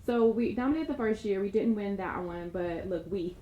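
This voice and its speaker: A woman hosting an interview, asking questions in a warm, encouraging way. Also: mid-range voice, normal speed, reverberant, muffled recording, a little hiss or hum. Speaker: interview host. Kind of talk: casual interview.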